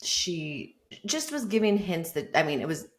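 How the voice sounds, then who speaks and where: A woman's voice: fairly low pitch, measured pace. Laughing woman attorney telling a story. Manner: animated, laughing through her story. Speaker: attorney guest. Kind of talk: casual storytelling chat.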